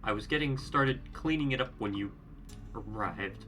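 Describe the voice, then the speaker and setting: A man's voice: lowish voice, background noise, lightly acted. A man voicing a creepy, grinning, hunched innkeeper who stresses words oddly, with game music underneath. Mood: creepy cheerful. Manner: slow, oddly emphasized words.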